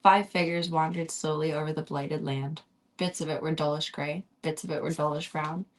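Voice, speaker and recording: A woman streamer chatting softly with viewers, sometimes whispering, then reading a novel aloud in a calm, unhurried way. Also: sits low. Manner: soft-spoken, drifting into whispers. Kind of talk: casual chat and book reading on a stream.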